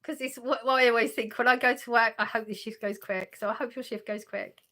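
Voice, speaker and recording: This host's voice is fairly high, bright and forceful, with a steady tone and a brisk pace. She chats casually on a livestream from her home sofa, reading out viewers' messages and replying amid frequent laughter and restarts.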